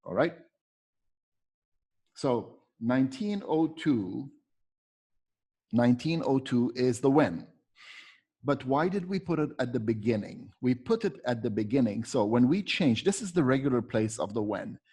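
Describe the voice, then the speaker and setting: Animated yet a little slow, this man leaves long pauses, his medium-pitched voice mellow and husky. He's a teacher trainer recording a lesson walkthrough, asking himself questions and answering them one step at a time.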